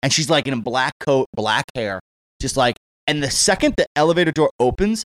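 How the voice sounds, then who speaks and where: A man's voice: mid-range voice, brisk, no room sound. A man co-hosting a casual talk show, telling a story with plenty of swearing and laughter, acting out others' lines in raised voices. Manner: animated, acts out quotes in raised voices; profane, laughs often. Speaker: podcast co-host.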